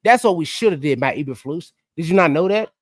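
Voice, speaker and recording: A man co-hosting a sports podcast, ranting excitably and swinging between loud outbursts and quiet asides. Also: on the high side, fast, dry recording, studio quality. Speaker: podcast co-host. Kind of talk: animated sports podcast chat.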